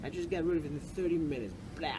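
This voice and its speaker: A man's voice: on the high side, racing, a crowd in the background, poor audio. A man aggressively taunting and cursing at a stranger, recorded outdoors on a city sidewalk with traffic behind. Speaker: street harasser. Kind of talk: unscripted street confrontation.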